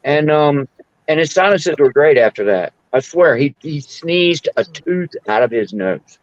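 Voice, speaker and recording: A man's voice: fairly high pitch, lively intonation, measured pace, no room sound, muffled recording. A man in his sixties, hosting a casual chat and telling rambling stories with frequent laughs. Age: 60s. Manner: rambling storyteller, laughs often. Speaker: podcast host.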